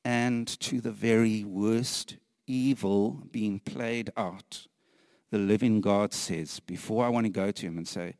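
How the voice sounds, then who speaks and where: Man preaching, very slow delivery, earnest and emphatic, hushed whispers at times, dry close sound. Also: lowish voice, steady tone, no room sound, big-room sound. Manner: repeats phrases, laughs lightly between points. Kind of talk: sermon.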